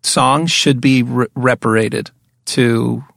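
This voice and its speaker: A man's voice: mid-range voice, steady tone, takes it slowly, gravelly, fairly bright tone, no room sound, studio quality. A man co-hosting a podcast in casual comedic chat, rambling and jokey, often restarting his sentences. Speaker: podcast co-host.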